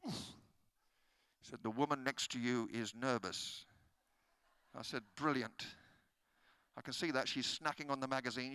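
A man's voice: medium pitch, a bit bright, clean tone, no room sound. A British man preaching a humorous sermon, telling stories and acting out the dialogue in comic voices. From Britain. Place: conference hall.

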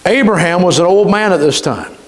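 High-voiced preacher in a reverberant hall. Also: male voice, expressive. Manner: emphatic preaching, stretching key words slowly. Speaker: pastor. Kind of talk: sermon.

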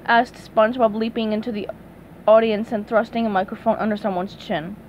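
A woman reading a children's storybook aloud with an expressive storytelling manner. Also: mid-range voice, fairly quick, a little hiss or hum, low-quality recording. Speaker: storybook reader.

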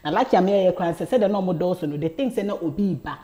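A Ghanaian woman in her thirties, a talk show guest telling a personal story in lively casual chat, often repeating words as she goes. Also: fairly low pitch, racing. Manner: animated, repeats words, laughs while telling.

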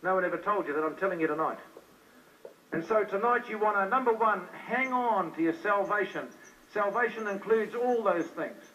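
High-voiced New evangelist, distant recording. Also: male voice, normal speed, fairly bright tone. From New Zealand. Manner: preachy, repetitive, questioning the crowd. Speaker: evangelist preacher. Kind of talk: evangelistic sermon. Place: meeting hall with crowd. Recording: distant, dull old live recording.

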